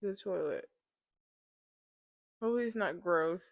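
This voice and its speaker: A woman's voice: lowish voice, unhurried, creaky, no echo, muffled recording. A young woman vlogging after oral surgery, tearful and giggly, her speech thick from a numb mouth and tongue, filmed at home. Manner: weepy and giggly, slurred from numbness. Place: home, bathroom.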